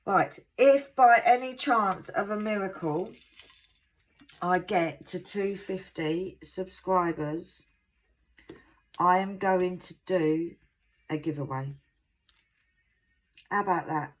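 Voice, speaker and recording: Chatty low-voiced woman vlogger. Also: slow pace, pauses often. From England. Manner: chatty, self-mocking, laughs easily. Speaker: craft vlogger. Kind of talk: casual chat to viewers.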